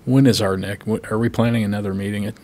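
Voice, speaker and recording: A man adding remarks at a city council meeting, measured and hedging. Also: lowish voice, steady tone, darkish tone.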